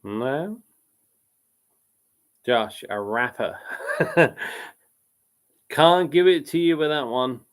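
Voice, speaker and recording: A man's voice: mid-range voice, expressive, drawn-out words, long pauses, clear, resonant tone. A man hosting a live quiz stream, reading out chat comments and rambling casually about films, often breaking off mid-sentence and laughing.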